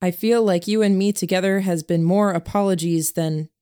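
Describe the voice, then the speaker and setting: A woman voicing a calm, principled young man who speaks in a measured, quiet way. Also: fairly low pitch, clear, resonant tone, close to an everyday voice.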